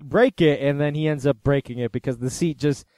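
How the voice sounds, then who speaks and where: A man hosting a casual podcast chat, retelling a movie's plot with animated storytelling and acted-out quotes. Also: medium pitch, quick pace, clean tone, no room sound. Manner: lively storytelling, acts out quotes. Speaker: podcast host recapping a film.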